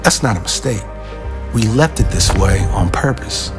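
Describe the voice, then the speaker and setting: A man giving scripted tribute narration in a measured, reflective delivery with dramatic pauses. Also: on the low side, animated. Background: music.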